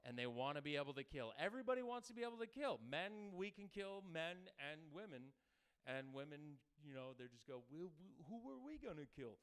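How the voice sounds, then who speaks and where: A man performing a crude stand-up comedy set, talking loosely and breaking into loud mock voices. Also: a little high, animated, brisk, clean tone. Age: adult with a daughter.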